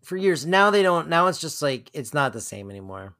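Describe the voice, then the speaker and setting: A man's voice: fairly high pitch, sing-song, fairly quick, sharp tone. A man co-hosting a podcast, introducing the episode and chatting casually, playful, with the odd announcer impression. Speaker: podcast co-host. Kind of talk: casual recap chat.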